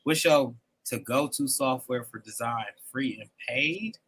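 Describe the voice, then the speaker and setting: A man's voice: medium pitch, measured pace, a bit bright, slightly rough, poor audio. A man hosting a podcast, hyping up his guests in loose slang and asking them questions. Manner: hypes people up with loose slang. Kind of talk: casual podcast chat.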